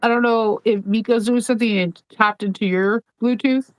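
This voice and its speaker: A woman in her thirties hosting a casual sewing chat, playful and quick to laugh as she tells stories. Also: a little high, steady tone, rough recording. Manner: chatty, laughs often, playful. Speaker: sewing vlog host.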